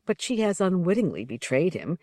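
Measured, dry-voiced storybook narrator. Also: mid-range voice, sing-song, darkish tone, dry recording. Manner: measured, unhurried reading in short phrases. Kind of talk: scripted narration of a fantasy text.

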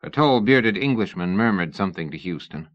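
A man narrating a novel in a measured storytelling manner. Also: fairly low pitch, expressive, dull audio. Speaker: audiobook narrator. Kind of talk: scripted narration.

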